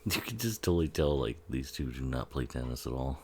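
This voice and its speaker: A man's voice: rumbling low, animated, fairly quick, mellow, slight background noise. A man giving casual, profane, sarcastic commentary on a film, often laughing as he talks.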